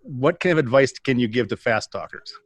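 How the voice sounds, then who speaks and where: A man's voice: mid-range voice, lively intonation, a little fast, dry recording. A man from the Midwest hosting a podcast, asking long, rambling, self-deprecating questions. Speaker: podcast host. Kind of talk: podcast interview.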